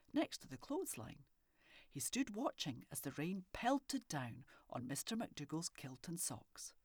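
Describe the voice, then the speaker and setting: A woman reading a children's story aloud with expressive, animated delivery and soft whispery asides. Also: deep voice, breathy edge, dry recording, clean studio sound. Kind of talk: storybook narration.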